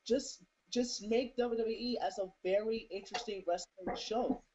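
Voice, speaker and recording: A woman in a casual chat, explaining points in a measured way with frequent fillers. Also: medium pitch, fairly even intonation, warm tone. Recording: dull lo-fi.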